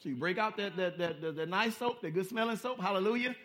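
A man from Southern California preaching with a high, bright, ringing voice. He hammers home repeated phrases, drops to a near hush and then swells loud, all in a folksy, street-style preaching manner. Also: fast talker. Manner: emphatic, repeats phrases for effect, swings from hushed to loud. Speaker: pastor. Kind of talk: sermon.

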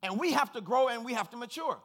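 A middle-aged man delivers a sermon from the pulpit in a high-pitched voice. He is earnest and personal and speaks in plain words. His tone is bright and forward. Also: lively intonation, fast talker. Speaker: pastor.

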